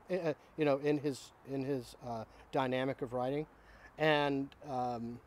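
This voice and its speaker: A man hosting an informal literature talk, lecturing with many stops and restarts. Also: fairly high pitch. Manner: halting, lecturing with fillers and restarts. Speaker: host.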